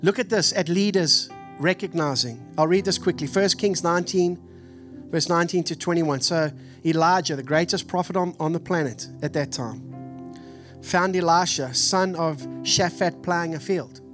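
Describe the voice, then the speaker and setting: A man in his forties with a Texan accent, preaching a sermon in an animated, storytelling way. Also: on the high side, moderate pace, soft background music. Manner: animated storytelling, acts out family voices. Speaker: pastor. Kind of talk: sermon with personal stories.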